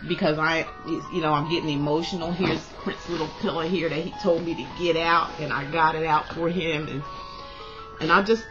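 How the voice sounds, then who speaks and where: A woman's voice: deep voice, fairly even intonation, normal speed, muffled recording, music in the background. A woman tarot reader in a vlog, ranting passionately and at length. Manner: passionate, rambling rant.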